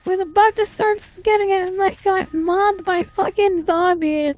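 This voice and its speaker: A woman streamer reacting to a game as she plays, swearing constantly and yelling at enemies. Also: very high-pitched, steady tone, measured pace, hardly any pauses, slight background noise. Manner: profane, yelling, reacting loudly. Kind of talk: live gameplay commentary.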